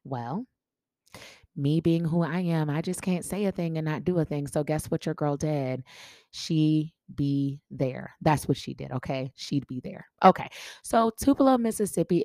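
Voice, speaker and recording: A woman with a low voice hosts her podcast and tells her stories in a playful, chatty way, teasing the listener with "guess what" and joking along. Her voice comes through a podcast mic, close and dry, with little room sound. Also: darkish tone, no room sound. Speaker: podcast host. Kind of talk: casual podcast storytelling.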